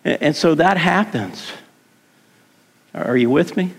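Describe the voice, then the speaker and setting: A man's voice: fairly high pitch, big pitch swings, slow pace, gravelly, slightly rough. A middle-aged man preaching a sermon in a conversational way, repeating words and asking his congregation questions. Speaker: pastor. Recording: long hall reverb.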